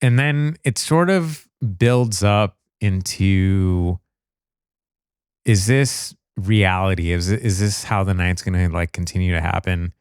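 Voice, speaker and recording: A man chats casually on a podcast, relaxed and unhurried, with "you know" fillers. His voice is very deep, smooth and clear. The recording is dry and close-miked. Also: no echo. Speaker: podcast co-host. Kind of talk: casual movie review chat.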